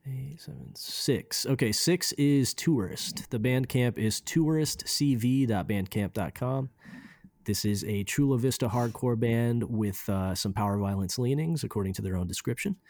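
Male podcast host, medium pitch, chatty and upbeat, dry close sound. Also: darkish tone, no room sound. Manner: upbeat, swears casually, quick to laugh. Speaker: podcast host reviewing music. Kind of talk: casual chat.

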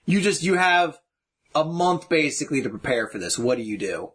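A man's voice: on the high side, sing-song, moderate pace, a bit bright, husky. A man hosting a casual podcast chat, joking, laughing often and posing hypotheticals. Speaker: podcast host.

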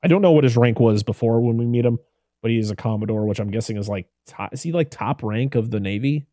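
Mellow-voiced man retelling movie scenes. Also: medium pitch, fast talker, no room sound. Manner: retells scenes chattily, laughs often. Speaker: podcast co-host. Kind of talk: casual film-review chat.

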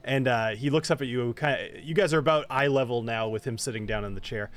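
A man narrating a tabletop game as game master, easygoing and quick to laugh. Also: mid-range voice.

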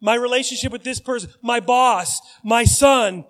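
A male pastor preaching a sermon in a church, acting out desperate cries and then dropping to quiet reflection. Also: very high voice, normal speed. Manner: animated, acts out pleading cries then drops to quiet reflection.

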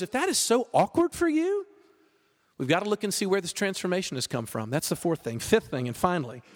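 A man preaching a sermon as pastor, conversational and animated, with jokes. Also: high-pitched, in a large hall.

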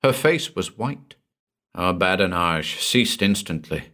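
A man reading a pulp horror story aloud as narrator, in an expressive storytelling manner. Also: deep voice, slow pace.

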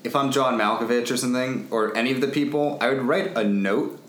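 A man's voice: mid-range voice, fairly quick, a bit bright, slight background noise. A man in a casual movie chat, laid-back, often chiming in with short agreeing replies. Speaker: film podcast co-host. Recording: echoey room, faint ambience.

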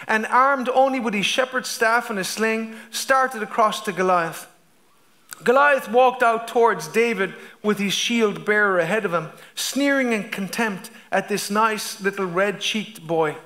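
A man's voice: high-pitched, pushed and bright. A man preaching a sermon as pastor, stumbling over restarts and asking the congregation "amen?" as he reads scripture.

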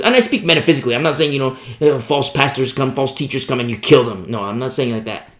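A man's voice: medium pitch, fast, hardly any pauses, fairly bright tone. A man preaching a sermon emphatically, driving points home with repetition. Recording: echoey room.

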